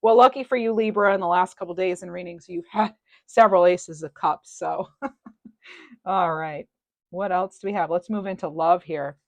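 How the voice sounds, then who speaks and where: A woman with a fairly low voice gives a casual tarot reading, talking straight to the listener. She is chatty and thinks out loud, laughing easily, with a gentle, sympathetic manner. The sound is dry and close, with no room around it. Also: normal speed, dry recording. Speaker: tarot reader.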